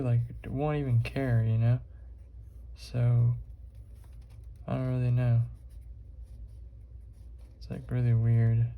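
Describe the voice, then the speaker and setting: Flat gravelly young man rambling. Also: mid-range voice, lo-fi sound. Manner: rambling, filler-heavy, swears often. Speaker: art vlogger. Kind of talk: casual rambling talk while drawing.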